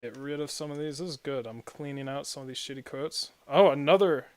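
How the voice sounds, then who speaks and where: A young man with a higher-pitched voice talks briskly while streaming and gaming, chatting casually. He rambles and often laughs at his own stories, and there's no room sound.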